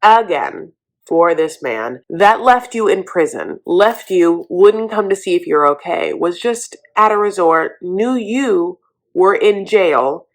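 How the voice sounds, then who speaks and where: A woman's voice: lowish voice, animated, slow. A woman voicing a stern, protective middle-aged father who lectures his daughter bluntly.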